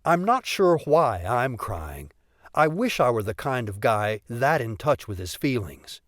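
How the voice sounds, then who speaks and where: A man's voice: mid-range voice, very animated, measured pace, no room sound, clean studio sound. A man narrating a comic story in the first person for an audiobook, telling it expressively.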